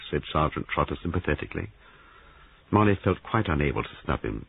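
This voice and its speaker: A man narrating a mystery audiobook in a low, husky voice, with lively, animated inflection. The recording is dry and band-limited, almost like a phone line. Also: normal speed. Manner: animated storytelling. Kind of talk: reading a mystery novel aloud.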